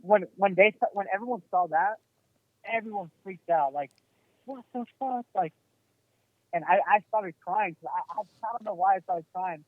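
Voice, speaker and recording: A man's voice: high voice, normal speed, dry recording. A man telling a story as a podcast guest, rambling casually with lots of "like" and swearing. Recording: tinny phone-like sound.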